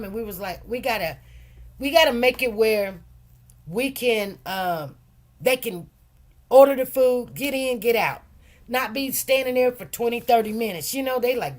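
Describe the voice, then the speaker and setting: A woman with a somewhat high voice chats casually on a livestream. She rambles and loops back over her points in loose, informal grammar. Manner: chatty, rambling, repeats phrases. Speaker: livestream host and food truck owner.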